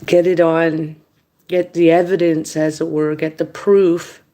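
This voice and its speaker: A woman talks slowly and unhurriedly in a lowish voice, rambling through a casual late-night monologue at home. She complains as she goes and grows lively whenever she quotes other people. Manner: rambling, complaining, animated when quoting others. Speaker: mukbang vlogger. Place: indoors at home.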